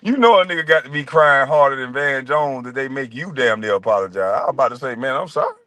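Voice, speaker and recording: Man streamer, profane mocking rant, lively swinging pitch, dry close sound. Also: fast, no room sound. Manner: mocking, profane, laughs often. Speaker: livestream host.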